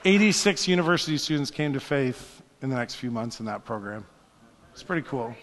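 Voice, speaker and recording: A married man preaching a sermon, telling a story with hushed asides and building to fervent exhortation. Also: mid-range voice, expressive, fairly quick, in a large hall, background noise. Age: adult, married. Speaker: pastor.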